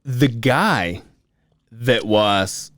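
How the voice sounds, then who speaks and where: A man's voice: medium pitch, drawn-out words, no room sound, clean studio sound. A man telling stories in casual podcast chat, swearing and laughing often. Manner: animated storyteller, swears and laughs a lot. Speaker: podcast co-host.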